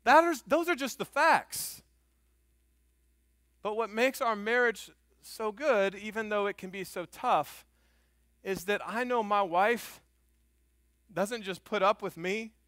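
Bright-voiced pastor preaching. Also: male voice, sits high, slow, pauses often, no echo, clean studio sound. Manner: animated storytelling, rising loud on emphasis; soft and hushed when praying. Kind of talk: sermon.

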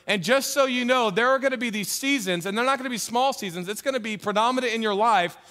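A man's voice: extremely high pitch, fast talker, hardly any pauses, sharp tone, in a large hall. A man preaching a conversational sermon as pastor, emphatic, with joking asides.

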